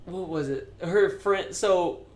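A young man co-hosting a podcast, telling stories in an animated way with swearing and laughter. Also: high-pitched, takes it slowly, reverberant. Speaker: podcast co-host. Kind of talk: casual chat.

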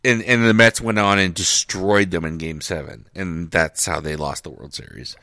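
A man, talking loosely and profanely about sports as a podcast co-host. His voice sits low, and the recording is dry and close with no room sound. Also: normal speed, sharp tone, no room sound. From Boston area. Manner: profane, rambling sports talk. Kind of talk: casual chat.

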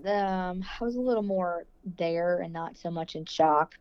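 A woman's voice: on the low side, a little slow, clear, resonant tone, no room sound. A woman guest telling her birth story in casual conversation, emotional and rambling, with a lot of "like". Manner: emotional, rambling, heavy use of "like". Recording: dull lo-fi dry sound.

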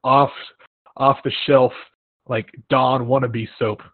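A young man with a slightly husky voice hosts a casual chat, telling stories with acted-out quotes. The sound is thin and phone-like, close and dry. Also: mid-range voice, takes it slowly, no room sound. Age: young adult. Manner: animated storytelling with acted-out quotes. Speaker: podcast host. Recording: tinny phone-like line, dry.

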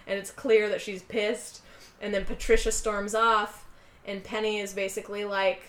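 A woman retelling a movie scene by scene in a relaxed chatty way, slipping into quick voices for each character she quotes. Her pitch sits in the middle range for a woman. The room around her is noticeably echoey. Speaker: podcast co-host recapping a film. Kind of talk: casual chat.

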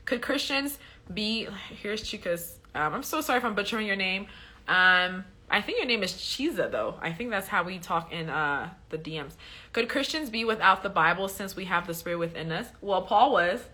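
Bright-voiced woman teaching on a livestream. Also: mid-range voice, expressive, normal speed. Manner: chatty, many fillers, preachy emphasis with repeated "okay?". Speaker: faith livestream host answering viewer questions.

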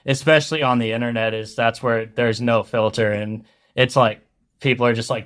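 Flat-voiced young man, casual chat. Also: mid-range voice, normal speed. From Colorado. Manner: loose, rambling, heavy on fillers. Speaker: food truck owner, guest.

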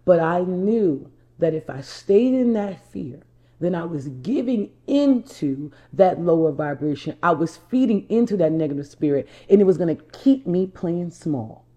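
A woman's voice: lowish voice, expressive, measured pace, mellow, lo-fi sound. A woman from New Jersey, a life coach, telling a personal story to viewers in an emphatic, repetitive way and calling them y'all. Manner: emphatic, repeats herself, addresses viewers as y'all.

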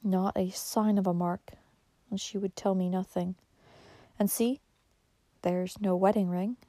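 A woman reading a storybook, voicing a kindly, devout old mother who speaks in a tender, soft-spoken way. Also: medium pitch, fairly even intonation, measured pace, dry recording, natural voice. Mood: quiet.

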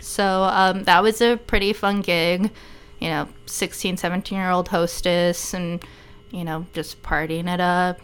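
Candid woman with a smooth, clear voice. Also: fairly low pitch, steady tone, measured pace. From El Paso, Texas. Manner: laid-back, candid, laughs easily. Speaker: podcast guest, beer sales rep. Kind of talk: casual chat.

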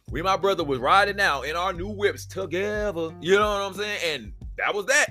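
A man's voice: on the high side, animated, normal speed, bright, forceful tone, soft background music. Exasperated man ranting on a podcast. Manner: profane, exasperated storytelling. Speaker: podcast host. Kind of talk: solo podcast rant.

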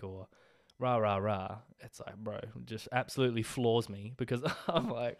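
A man's voice: medium pitch, moderate pace. A young Australian man hosting a casual solo podcast, rambling and swearing, full of fillers, coughing a little as he gets over an illness. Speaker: podcast host.

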